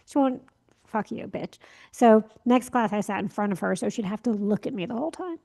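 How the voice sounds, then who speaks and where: A woman's voice: on the high side, fast talker, gravelly, mellow. A young woman co-hosting a podcast, telling a story in casual chat and acting out the lines she quotes. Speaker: podcast co-host.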